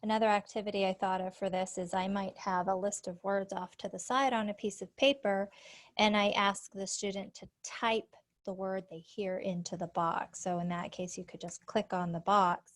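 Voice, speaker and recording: A woman in her forties with a mid-range voice speaks at normal speed in a steady tone. She's a speech-language pathologist giving a conference presentation on a computer call, walking teachers through teaching activities on a shared screen. Her manner is friendly and explanatory, with frequent fillers.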